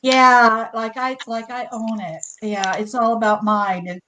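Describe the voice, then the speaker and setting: A woman co-hosting a casual faith chat, conversational and quick to laugh. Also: on the high side, flat delivery, bright, forceful tone, faint music behind, rough recording. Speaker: co-host.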